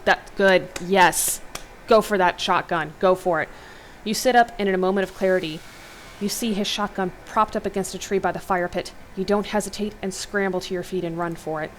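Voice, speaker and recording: A woman's voice: fairly low pitch, slight background noise, rough recording. A woman hosting a let's play, reading an interactive horror novel aloud and adding casual, chatty comments.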